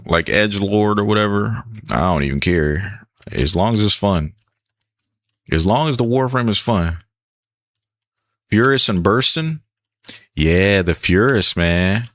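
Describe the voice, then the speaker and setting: A man's voice: lowish voice, fairly bright tone, no echo, clean studio sound. A man casually chatting while he streams a shooter game, laid-back and talkative, greeting viewers in chat. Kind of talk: casual gameplay commentary.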